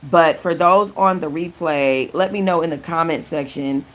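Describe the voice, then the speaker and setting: Woman, low voice, casual live-stream book chat, chatty, restarts her sentences. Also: moderate pace. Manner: chatty, restarts often, thanks viewers mid-sentence. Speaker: book channel host.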